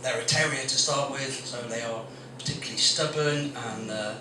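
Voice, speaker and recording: Blunt, crude comedian on stage. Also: male voice, medium pitch, normal speed. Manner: blunt, crude, chatty storytelling with swearing. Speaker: stand-up comedian and compere. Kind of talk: stand-up comedy set. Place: small coffee shop venue with live audience. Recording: very echoey room recorded from a distance with background noise.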